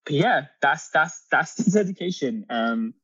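An earnest young man speaks as an interview guest, pausing and restarting as he talks. His voice comes through a dull, muffled line. The room around him sounds dry and close. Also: fairly high pitch, lively intonation, a bit bright, husky, no echo. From Britain. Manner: earnest, halting, with frequent ums and restarts. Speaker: author and guest. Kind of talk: candid interview conversation.

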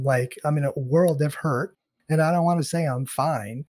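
A middle-aged man with a husky, slightly raspy voice, talking earnestly as a podcast guest. He circles back over his words for emphasis. The sound is close and dry, with no room around it. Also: fairly high pitch, animated, brisk, a little mellow, no echo. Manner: earnest and reflective, repeats phrases for emphasis. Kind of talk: candid interview talk.

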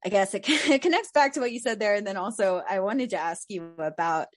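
A woman's voice: medium pitch, lively intonation, a little fast, no room sound. A chatty woman hosts a podcast and tells a story in a loose, casual way. She laughs often and leans on fillers. Her voice sits in a middle range and sounds dry and close, with no room around it. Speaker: podcast host.

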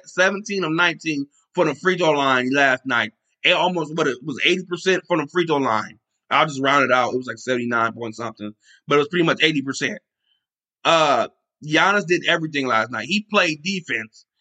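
A man's voice: fairly high pitch, bright, forceful tone. A man hosting a sports podcast, talking with passion and emphasis, repeating himself and swearing now and then. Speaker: podcast host. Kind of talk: excited sports talk.

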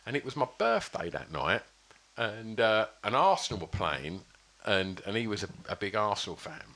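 A man's voice: on the low side, sing-song, normal speed, fairly bright tone. A man telling a rambling anecdote in casual podcast chat, full of fillers and restarts. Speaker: podcast guest.

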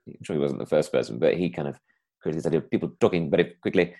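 A man's voice: extremely low pitch, racing, darkish tone. A man, a comedian, chatting casually in a rambling way, full of fillers and restarts. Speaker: comedian guest. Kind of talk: casual conversation.

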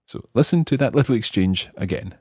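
A man's voice: medium pitch, expressive, a little fast, a little mellow, slightly rough, no room sound, clean studio sound. A man hosting a language lesson, patiently explaining and repeating phrases. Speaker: language teacher host.

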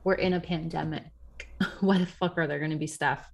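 A woman's voice: low-pitched, steady tone, normal speed, gravelly, a crowd in the background. A woman co-hosting a podcast in casual chat, swearing freely, laughing often and acting out the voices of people she quotes. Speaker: podcast co-host.

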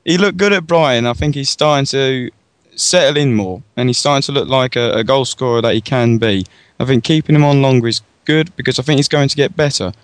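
A man's voice: medium pitch, fairly quick, clear, resonant tone, dry recording. A man on a casual fan podcast, self-deprecating and easily flustered as he gives his view. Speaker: podcast co-host.

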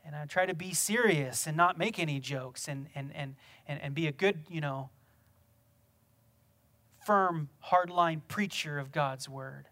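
A man preaching a sermon, building from quiet reflection to loud, emphatic exhortation with rhetorical questions. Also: fairly high pitch, unhurried. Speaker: pastor.

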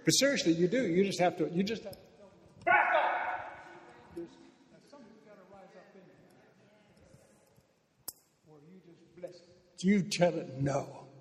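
A man's voice: high-pitched, animated, normal speed, pauses often. A man preaching a sermon into a microphone, emphatic and fervent, with repeated declarations. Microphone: handheld microphone. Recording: echoey hall reverb.

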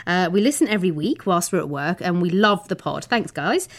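A woman's voice: on the low side, animated, brisk. A British woman co-hosting a podcast, bantering and laughing often. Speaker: podcast co-host. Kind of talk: casual chat.

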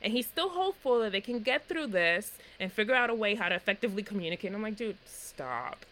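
Animated woman recapping a reality show. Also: mid-range voice, racing, a little hiss or hum, low-quality recording. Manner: animated storytelling, acts out quotes. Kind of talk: casual chat.

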